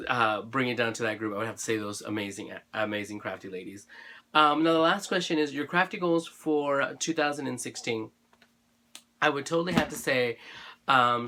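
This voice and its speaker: A man's voice: medium pitch, sharp tone. A man chatting casually to camera about his craft supplies, gushing and rambling with lots of fillers and restarts, his throat a little dry. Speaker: craft channel vlogger.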